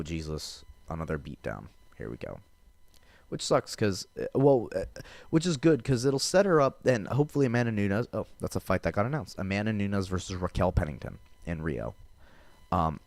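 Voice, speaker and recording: Low-voiced man hosting a fight podcast. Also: darkish tone, no room sound. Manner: loose and profane, with frequent fillers and restarts. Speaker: MMA podcast host. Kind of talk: casual fight-prediction podcast talk.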